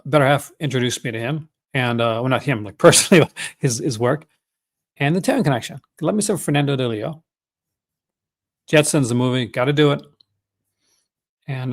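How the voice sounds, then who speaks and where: A man's voice: mid-range voice, vocal fry. A man hosting a casual livestream, rambling enthusiastically and often correcting himself mid-sentence. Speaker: host.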